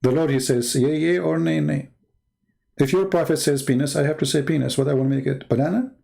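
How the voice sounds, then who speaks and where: A man's voice: medium pitch, quick pace, gravelly, mellow, slightly rough. A man hosting his own channel, delivering a blunt, scornful monologue. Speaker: channel host. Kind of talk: combative monologue.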